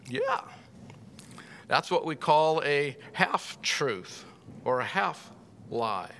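A man teaching a Bible class in a folksy, unhurried way, with dry little asides. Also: on the high side, bright, forceful tone, slight background noise.

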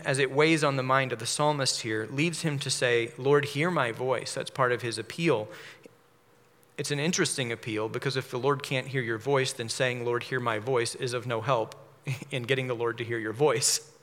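A man preaching a measured sermon, explaining a psalm verse by verse. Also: medium pitch, bright, forceful tone. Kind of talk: expository sermon. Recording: long hall reverb.

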